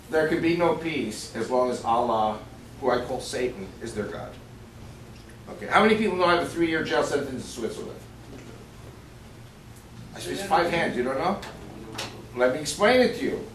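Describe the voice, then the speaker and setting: Addressing a club audience directly, a male guest speaker with a fairly high voice delivers a punchy, emphatic lecture with jokes, keeping it conversational and quizzing the crowd. He's recorded by a distant mic in the echoey banquet room of a shooting sports store, with faint ambience and a little hiss or hum.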